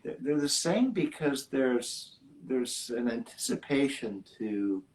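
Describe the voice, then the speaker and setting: An older man, a guest in a casual conversation, speaking thoughtfully with frequent pauses and fillers. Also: mid-range voice, sing-song, a little mellow, rough recording. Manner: thoughtful, halting, many fillers. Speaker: guest, film lab owner.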